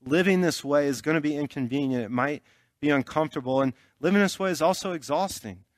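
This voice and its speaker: A man's voice: a little high, quick pace, no room sound, clean studio sound. A man giving a sermon through a personal story, talking loosely and conversationally with lots of fillers and check-ins. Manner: checks in with listeners often. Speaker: pastor.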